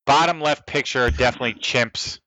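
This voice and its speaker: A man playing in a tabletop game, joking and quick to double-check the rules. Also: mid-range voice, pushed and bright, poor audio. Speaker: player. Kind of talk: casual tabletop play.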